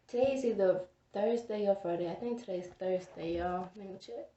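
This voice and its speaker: A woman's voice: medium pitch, fairly quick, hardly any pauses, mellow, husky, far from the mic, highs cut off. A young woman vlogging casually to the camera, rambling with lots of fillers and sounding stressed and tired. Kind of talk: casual vlog talk to camera.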